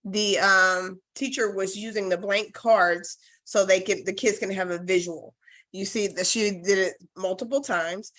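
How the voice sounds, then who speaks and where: Woman presenter, casual explaining, dry close sound, steady middle pitch. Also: no echo. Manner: casual, filler-heavy explaining. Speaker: conference presenter. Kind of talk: presentation talk.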